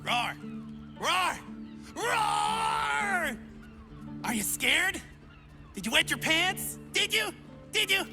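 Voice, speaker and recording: A bubbly, silly adventurer. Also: female voice, very high-pitched, big pitch swings, very slow, long pauses, music in the background, heavily acted. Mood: playful. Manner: playful, theatrical, teasing. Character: bubbly, silly young female adventurer trying out every class. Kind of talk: video game voice acting.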